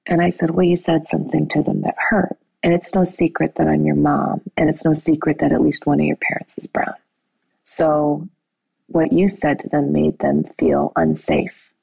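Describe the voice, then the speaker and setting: A woman's voice: low-pitched, expressive, moderate pace, gravelly, dark tone, breathy edge, dry recording, rough recording. A middle-aged woman telling a family story in a conversational way, acting out quoted dialogue with fillers and restarts.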